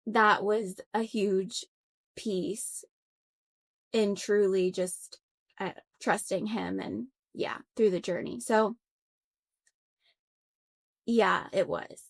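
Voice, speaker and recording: A young woman with a mid-pitched voice speaks as a podcast guest, telling her story earnestly and reflectively. Her talk is conversational, with many fillers and self-corrections as she gathers her thoughts. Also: steady tone, extremely slow, gravelly, pauses often. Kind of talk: conversational interview.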